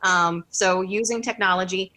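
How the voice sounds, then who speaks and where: Bright-voiced woman guest. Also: mid-range voice, steady tone, moderate pace. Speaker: guest photographer. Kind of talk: casual interview chat.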